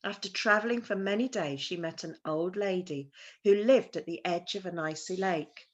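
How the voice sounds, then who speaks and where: A woman reading a children's story aloud in an expressive, animated way. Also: fairly low pitch, moderate pace, highs cut off.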